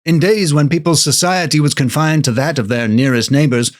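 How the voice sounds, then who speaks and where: A man reading from an old book in a put-on generic American accent, in a measured, formal voice. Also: fairly high pitch, lightly acted.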